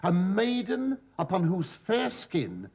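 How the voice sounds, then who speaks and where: An actor playing a cheeky middle-aged slave who tells the audience the prologue with camp, innuendo-laden asides. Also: male voice, high voice, wildly swooping pitch, slow, darkish tone, full character voice. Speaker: narrator of the prologue. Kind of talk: sitcom stand-up address. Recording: live studio audience laughter.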